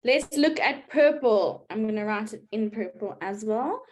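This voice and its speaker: A woman's voice: fairly high pitch, lively intonation, unhurried, a little mellow. A woman teaching a live online maths class, explaining patiently step by step and checking in with her students. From South Africa.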